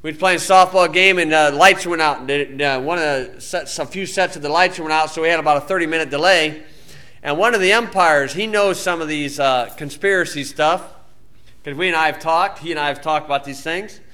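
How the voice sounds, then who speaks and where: A man's voice: fairly high pitch, brisk, pushed and bright. A Baptist preacher man from the United States giving an informal sermon-style talk in a folksy, plain-spoken way with colloquial grammar.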